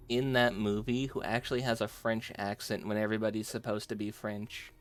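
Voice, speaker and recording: A man's voice: lowish voice, level tone, fairly quick, few pauses, soft background music. A man streaming a game, chatting and joking casually with his chat and laughing often.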